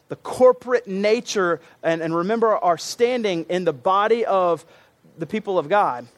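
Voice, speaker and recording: A man preaching a sermon to his congregation, earnest and emphatic, often repeating himself for weight. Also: high voice. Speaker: pastor.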